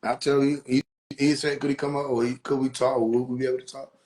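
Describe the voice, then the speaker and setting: A man's voice: medium pitch, little pitch movement, fast talker, a little mellow. Preachy man lecturing his live audience. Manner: preachy, repeats points, asks the audience questions. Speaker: livestream host. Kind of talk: casual spiritual teaching on a live stream.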